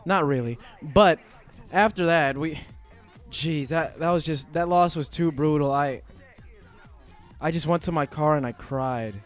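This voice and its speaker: A young man hosts a talk show from a studio, his voice high and his delivery loud and playful. He jokes around and often raises his voice to a shout. Faint music plays behind him. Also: a little slow. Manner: energetic, jokey, sometimes shouting. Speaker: radio show host. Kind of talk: hyped talk show banter. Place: radio studio.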